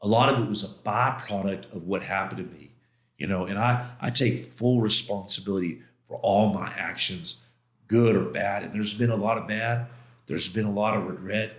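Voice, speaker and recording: A middle-aged man, a podcast guest, telling his life story in an animated, casual way, often calling the host "man" and acting out what others said. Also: on the low side, normal speed. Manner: animated, acts out quoted voices, frequent "man". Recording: roomy studio echo.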